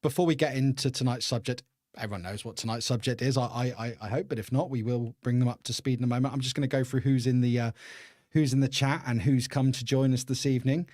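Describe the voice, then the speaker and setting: A man's voice: medium pitch, fairly even intonation, fast, darkish tone, no room sound, studio quality. An English man hosting a casual live-stream podcast, chatty and laughing often as he greets viewers. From England. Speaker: podcast host.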